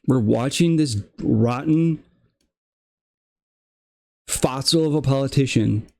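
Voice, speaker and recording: A man's voice: medium pitch, gravelly, dark tone. A young man hosting a political commentary show, delivering a casual, exasperated rant full of fillers and restarts.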